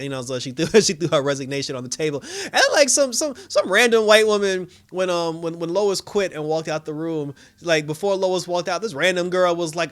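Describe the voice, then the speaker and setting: A man casually recapping a TV episode, animated and swearing, acting out the characters' lines with laughs. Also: fairly high pitch, brisk, hardly any pauses, clean tone. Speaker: show reviewer.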